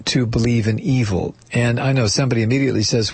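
A man hosting a talk radio show, musing aloud in a halting way with many fillers and restarts. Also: medium pitch, steady tone, darkish tone, slightly rough, no room sound.

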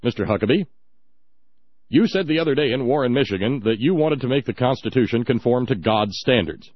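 Male talk radio host, lively sarcastic rant, dry and slightly dull mic. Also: mid-range voice, brisk, no echo. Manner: indignant, sarcastic ranting.

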